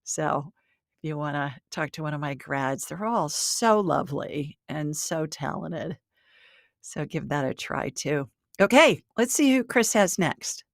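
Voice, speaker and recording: A woman hosting a live call-in show, chatty and quick to laugh, her pitch jumping up when excited. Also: creaky, no room sound, clean studio sound. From Alabama, US South. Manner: chatty, laughs easily, lively swings in pitch. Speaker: host and intuitive reader.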